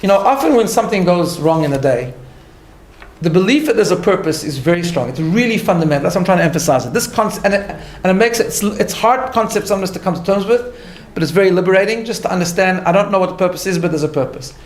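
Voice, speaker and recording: A male rabbi gives a conversational lecture to his class, fast-talking and high-voiced, recounting a story with animation, light laughs at his asides, and frequent restarts. The recording has an echoey room sound.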